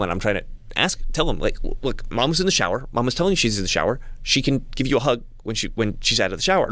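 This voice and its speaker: A man talking in a casual monologue to his channel's viewers, halting with frequent restarts and repeated words. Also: mid-range voice, sing-song, bright, forceful tone, dry recording. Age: adult with young child. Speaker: channel host.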